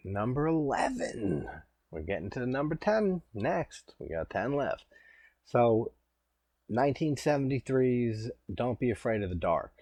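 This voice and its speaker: A man's voice: mid-range voice, big pitch swings, a little slow, darkish tone, no echo. A man in his thirties giving rambling, laid-back casual commentary as a host, swearing now and then. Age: 30s.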